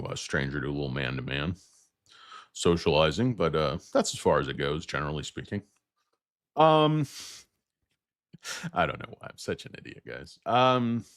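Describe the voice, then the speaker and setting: Deep-voiced man rambling crude jokes. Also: no room sound, studio quality. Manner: crude, joking, digressive, slips into mocking voices. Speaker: stock commentary host. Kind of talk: rambling casual monologue.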